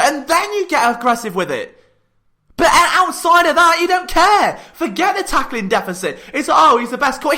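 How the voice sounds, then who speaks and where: A man hosts a sports podcast in an unscripted, heated rant. His voice sits very high and sounds bright and forceful. He argues his points with exasperated rhetorical passion. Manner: impassioned and exasperated, fast rhetorical ranting.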